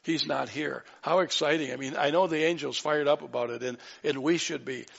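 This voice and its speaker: A man's voice: mid-range voice, fairly even intonation, brisk, creaky, husky. A man preaching a sermon, fervent, rising to exclaim lines of scripture. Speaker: pastor. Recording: dull sound in a reverberant hall.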